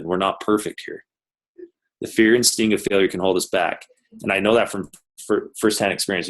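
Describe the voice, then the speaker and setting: Energetic man telling a motivational story. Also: on the low side. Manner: energetic, storytelling, addresses listeners as "guys". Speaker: sales manager speaking to coaches on a call. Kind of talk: motivational talk on a video call.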